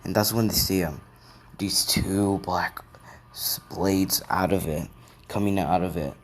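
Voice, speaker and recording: A man's voice: low-pitched, a little slow, slight background noise. A man narrating an improvised fan story in a rambling way, with many restarts.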